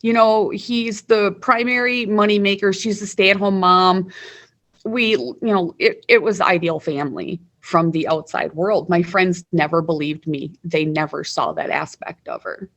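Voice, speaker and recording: A woman's voice: on the low side, normal speed, fairly bright tone. A woman in her forties from Wisconsin, candidly telling her life story as an interview guest, often repeating words. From Wisconsin, USA. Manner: candid, conversational, repeats words when emotional.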